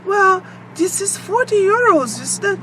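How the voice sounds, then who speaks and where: A woman mimicking a polite bank clerk who speaks in halting, stiff phrases. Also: very high-pitched, big pitch swings, bright, forceful tone, far from the mic, slight background noise, voice pushed up, exaggerated voice, low-quality recording. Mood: pleading.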